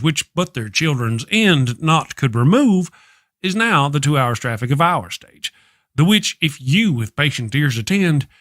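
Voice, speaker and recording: A man's voice: a little high, fairly bright tone, dry recording, clean studio sound. A man voicing a boastful redneck cowboy who hosts a comedy sketch with folksy, hammy delivery.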